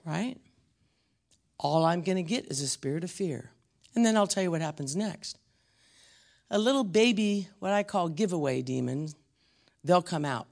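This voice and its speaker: Gravelly preacher man. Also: high-pitched, expressive, a little mellow. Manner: slows down and drops to a whisper on key words; blunt and emphatic. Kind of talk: teaching sermon.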